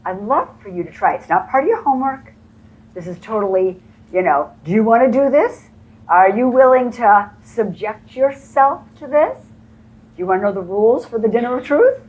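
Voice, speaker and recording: Her voice fairly high and somewhat dark, a woman motivates real estate agents in a conference room, telling stories and voicing the dialogue herself for the live audience. She talks at normal speed with lively intonation. The sound is lo-fi.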